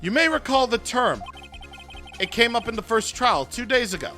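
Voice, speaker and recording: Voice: mid-range voice, faint music behind, pitched above the performer's own voice. A streamer voicing a determined young male defense attorney in a video game, laying out evidence. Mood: arguing. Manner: steady courtroom argument, slow and deliberate. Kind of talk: reading game dialogue aloud.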